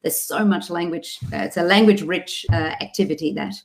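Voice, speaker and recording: A middle-aged Australian woman, a speech therapist, giving parents a clear, practical talk with the odd demonstration voice. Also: lowish voice, a little fast.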